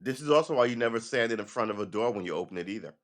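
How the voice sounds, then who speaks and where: A man with a fairly low voice talks casually on his own livestream. He rambles from one point to the next, swears freely and throws in sarcastic asides. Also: expressive, racing. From United States. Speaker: livestream host.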